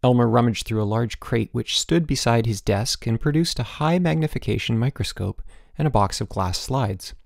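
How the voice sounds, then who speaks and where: A man narrating a children's audiobook in an expressive storytelling manner. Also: medium pitch, moderate pace, vocal fry, no room sound, clean studio sound.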